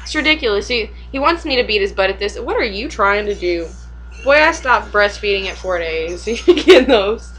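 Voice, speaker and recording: A woman's voice: medium pitch, expressive, normal speed, background noise. A young woman and mother chatting casually at home for a vlog, rambling, swearing freely and laughing often.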